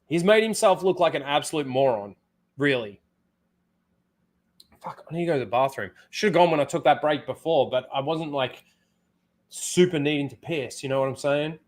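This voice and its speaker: A man's voice: on the high side, normal speed, pauses often. A man hosting a casual livestream, rambling bluntly with casual swearing. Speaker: livestream host.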